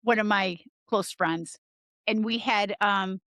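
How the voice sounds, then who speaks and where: Female guest, mid pitch, slow hesitant chat, dry mic. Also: steady tone, a bit bright, dry recording. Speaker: podcast guest. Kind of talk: casual chat.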